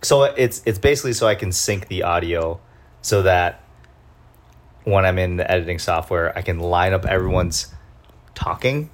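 Low-voiced man hosting on a phone. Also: moderate pace. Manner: explains at length with restarts. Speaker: podcast host. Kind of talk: casual chat. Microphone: iPhone. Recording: phone recording with background noise.

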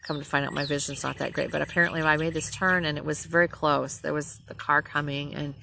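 Low gravelly woman ranting bluntly. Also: fast talker, a little hiss or hum. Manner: blunt, profane, animated storytelling. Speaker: nurse. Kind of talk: ranting personal vlog.

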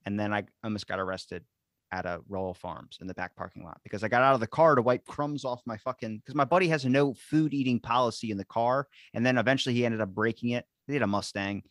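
A man hosting a podcast, telling stories in an animated way and swearing freely in casual chat. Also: mid-range voice, fast, no room sound, studio quality. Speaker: podcast host.

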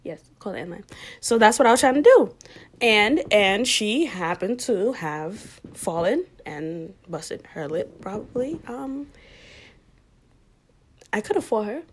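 A young woman telling a personal story in a loose, chatty way. Her voice sits at an ordinary middle pitch, and she fills her speech with "like" and "um". She laughs often and sometimes sinks nearly to a whisper. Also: animated, measured pace, slight background noise. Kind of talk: casual storytelling.

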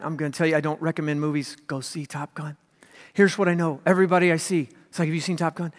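A man preaching a sermon as pastor, swinging from loud emphasis to hushed whispers. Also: on the high side, steady tone, fast. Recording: long hall reverb.

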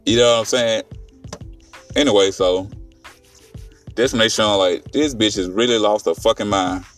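On a podcast, a man with a lowish voice recaps a film at a moderate pace, rambling and cursing through an animated retelling full of fillers and restarts. The mic is distant, with soft background music.

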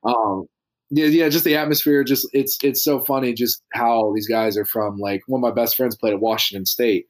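A man's voice: mid-range voice, fairly even intonation, moderate pace. A young man from small-town Ohio, a podcast guest telling rambling stories full of fillers in casual chat. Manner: rambling, filler-heavy storytelling.

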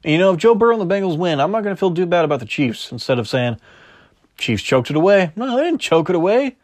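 A man's voice: high voice, sing-song, rapid-fire, a little mellow. A man hosting a casual sports podcast, opinionated and arguing back and forth with himself. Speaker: podcast host.

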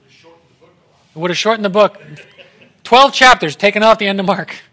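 Lively, bright-voiced young male preacher. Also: high voice, measured pace. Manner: animated, acts out quoted voices. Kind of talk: casual sermon.

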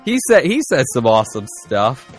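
A man's voice: medium pitch, big pitch swings, moderate pace, soft background music. Man chatting casually about movies. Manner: enthusiastic, quotes movie lines. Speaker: podcast co-host. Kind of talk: casual chat.

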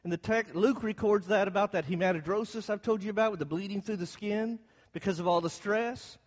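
A man's voice: sits high, fairly quick, in a large hall, highs cut off. A man preaching a Bible class, explaining the text and asking his listeners questions as he goes. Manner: asks the audience questions as he explains.

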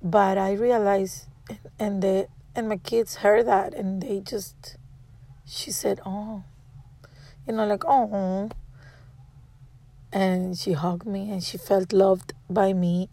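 Slow-talking woman. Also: mid-range voice, fairly even intonation, dark tone. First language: Spanish. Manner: emotional, frank, swears freely. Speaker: mother. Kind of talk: casual personal storytelling.

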